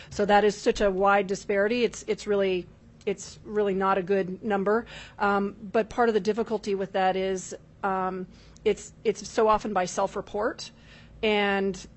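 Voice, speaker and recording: A woman official giving formal testimony at a legislative hearing, measured and full of filler ums, addressing the chair. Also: mid-range voice. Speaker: state corrections official testifying.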